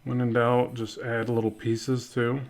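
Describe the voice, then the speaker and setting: An art instructor with a mid-range voice talks through a drawing lesson a little slowly and with a completely flat delivery. His narration is casual and conversational, as he thinks aloud, doubts himself, and adjusts as he goes.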